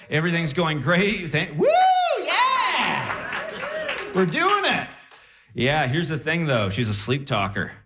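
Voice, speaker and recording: A man performing stand-up comedy, telling stories and acting out the voices of the people in them. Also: fairly high pitch. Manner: animated storyteller, acts out voices. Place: comedy stage with live audience. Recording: roomy venue echo.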